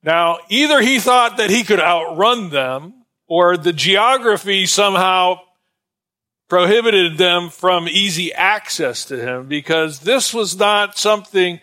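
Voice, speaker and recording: Guy teaching a bible class, fairly high bright voice, rambling and chatty, lots of uhs. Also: expressive, slow pace. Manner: conversational, digressive, many fillers. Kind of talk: informal Bible lesson.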